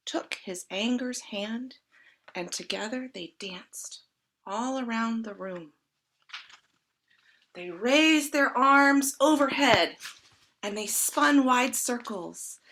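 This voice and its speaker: A woman reads a picture book aloud for children in a bright, expressive voice. She takes her time, her pitch moves a lot, and she gently asks the listeners questions. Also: takes it slowly, pauses often, a little hiss or hum. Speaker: storyteller. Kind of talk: children's story reading.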